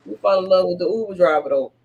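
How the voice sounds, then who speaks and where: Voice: medium pitch, fast, a little mellow, highs cut off, a little hiss or hum. A podcast co-host in casual chat, blunt and joking, swearing a lot.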